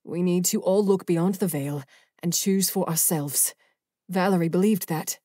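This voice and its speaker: A woman's voice: on the low side, measured pace, mellow, no room sound, studio quality. A woman voicing Ajax, a cocky young male fallen angel in an audiobook, with a smug, taunting manner. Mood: defiant.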